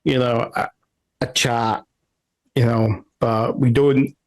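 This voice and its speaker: A man acting as game master for a tabletop game narrates scenes in a rambling way, frequently correcting himself. His voice is medium-pitched and steady, he speaks slowly, and the recording quality is low.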